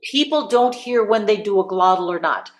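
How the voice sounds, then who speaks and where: A woman's voice: medium pitch, expressive, moderate pace. Encouraging woman voice teacher, roomy sound. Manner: encouraging, demonstrative, sings vowel examples. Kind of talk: live group voice lesson.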